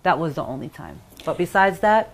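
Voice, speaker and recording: A middle-aged woman telling her own story in an interview, halting and pausing, acting out the voices of others as she goes. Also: fairly low pitch, very animated. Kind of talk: emotional personal account.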